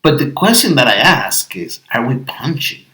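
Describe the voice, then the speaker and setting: A man who learned English as a second language co-hosts an improv podcast, reasoning aloud earnestly in casual discussion and restarting a few times. His medium-pitched voice is sing-song, pushed and bright at a moderate pace, recorded in an echoey room.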